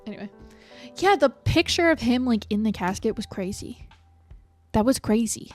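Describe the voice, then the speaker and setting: A woman's voice: a little high, lively intonation, normal speed, darkish tone. A young adult woman streaming a game, chatting casually in a rambling way, swearing freely and laughing often. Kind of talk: casual chat while playing a game. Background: faint background music.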